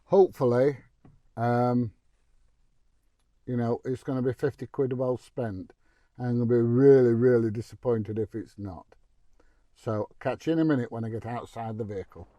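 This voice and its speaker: A British vlogger chats casually in a product review vlog, rambling with plenty of fillers, first inside a vehicle and then at a computer. His mid-range voice has a warm tone and normal speed with long pauses, and the sound is lo-fi.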